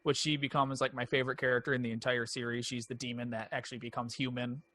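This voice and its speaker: A man co-hosting a movie podcast, retelling a TV episode in casual, animated chat. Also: mid-range voice, fast, no room sound. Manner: animated storytelling, acting out quoted lines. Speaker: podcast co-host.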